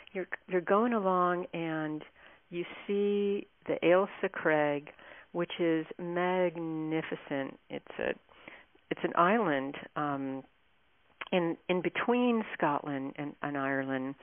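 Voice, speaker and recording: A woman's voice: low-pitched, slow pace, dry recording. A woman guest on a radio interview, telling stories about her book in a chatty, meandering way. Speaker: author and guest. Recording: tinny phone line.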